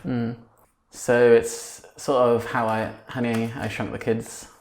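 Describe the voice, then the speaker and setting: A man's voice: medium pitch, flat delivery, slow, echoey room. A man co-hosting an improvised comedy podcast, giggly and hesitant as he builds the story. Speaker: podcast co-host.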